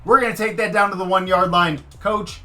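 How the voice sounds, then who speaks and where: A man giving live commentary over his own football video game, swinging from muttered frustration to loud excitement. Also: sits high, a little fast, soft background music. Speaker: gaming commentator.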